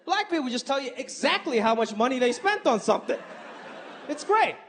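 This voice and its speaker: A man performing an animated stand-up set, switching in and out of impressions of the people in his stories. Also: extremely high pitch, a little fast. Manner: animated, shifts between impressions. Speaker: stand-up comedian. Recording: live club set with crowd laughter and noise.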